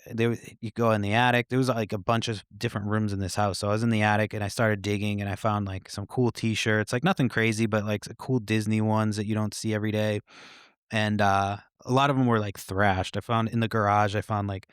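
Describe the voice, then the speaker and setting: A man's voice: lowish voice, no echo, clean studio sound. A man hosting a podcast, telling stories in a casual, rambling way, swearing freely and chuckling often. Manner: profane, laid-back, with frequent fillers and chuckles. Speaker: podcast host.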